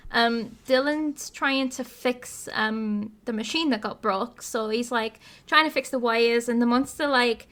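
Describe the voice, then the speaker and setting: A woman podcast host, casually retelling a video game story with lots of laughter. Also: on the high side. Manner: animated storytelling, laughs often.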